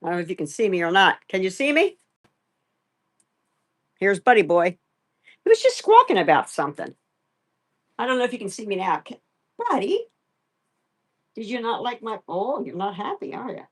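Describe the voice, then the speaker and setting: Middle-aged woman host, lively sing-song pitch, soft baby talk to a pet, casual chat with viewers. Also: normal speed, long pauses. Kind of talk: casual live-stream chat.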